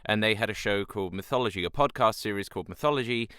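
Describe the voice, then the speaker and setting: A man's voice: lowish voice, fast talker, fairly bright tone, clean tone, dry recording, clean studio sound. A man who is a voice actor, giving a casual, chatty voice-acting tutorial. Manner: chatty, with playful voice demonstrations.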